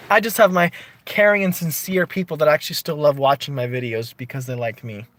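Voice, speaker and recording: A man vlogging a casual rant to his viewers, chatty and animated, full of "like" and swearing. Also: on the high side, fairly quick.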